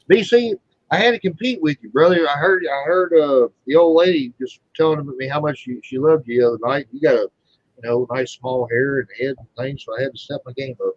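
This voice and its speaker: A man's voice: medium pitch, fairly quick, lo-fi sound. A man hosting a livestream, telling rambling, profane stories in casual chat. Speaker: livestream host.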